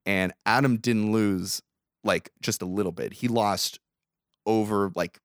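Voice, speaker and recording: Man, lowish pitch, dry sound, casual profane storytelling. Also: a little slow, dry recording. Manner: profane, animated retelling with acted quotes. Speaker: podcast co-host. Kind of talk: casual movie recap chat.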